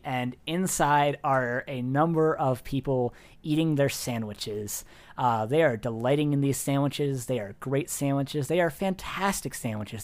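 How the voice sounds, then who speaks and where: Man running a tabletop game. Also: mid-range voice. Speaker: game master.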